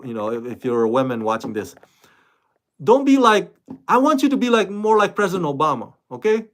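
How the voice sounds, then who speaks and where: A man hosting his own online reaction channel, talking casually to camera in a loose, animated way, with lots of fillers and restarts. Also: mid-range voice. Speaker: YouTube reaction host.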